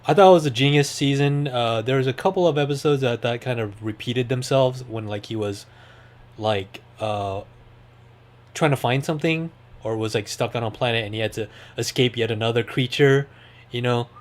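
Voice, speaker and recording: A man's voice: medium pitch, moderate pace. A man hosting a podcast, talking in a rambling, enthusiastic way with lots of fillers. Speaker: podcast host. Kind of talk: casual chat.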